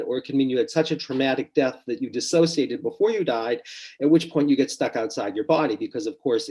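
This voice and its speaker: A man's voice: medium pitch, slightly rough. A middle-aged man, a psychotherapist, recounting a client session on a podcast, acting out the quoted lines as he goes. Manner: animated, acts out quotes with rising intensity. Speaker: psychotherapist guest. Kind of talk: storytelling in a podcast interview.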